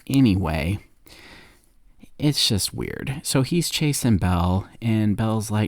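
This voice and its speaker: A man's voice: on the low side, animated, takes it slowly, no echo, clean studio sound. A man on a podcast giving a rambling, sarcastic comedic recap of a movie. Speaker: podcast co-host.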